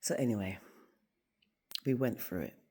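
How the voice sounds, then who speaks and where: An extremely low-pitched, slightly rough female voice at a moderate pace. The speaker, a faith vlogger who also works on a school's staff, sits in her office telling a story to camera as part of a casual motivational talk, acting out quoted voices with lively energy.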